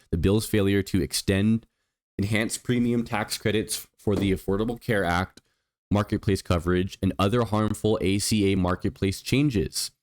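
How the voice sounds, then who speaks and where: A man's voice: fairly low pitch, a little mellow. A man hosting a political commentary show, speaking with indignant emphasis and reading out statistics. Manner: indignant, emphatic, reads out figures. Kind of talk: opinion commentary.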